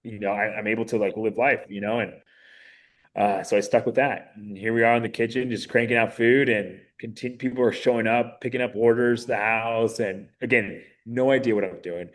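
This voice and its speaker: A man in his thirties, a podcast guest, telling his story in a casual, animated way with many fillers. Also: fairly low pitch, brisk. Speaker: podcast guest, mayoral candidate.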